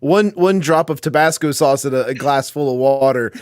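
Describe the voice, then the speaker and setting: A man's voice: medium pitch, normal speed, clean tone, no room sound, clean studio sound. A man co-hosting a podcast in casual, joking chat, full of fillers and restarts. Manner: joking, chatty, many fillers. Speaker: podcast co-host.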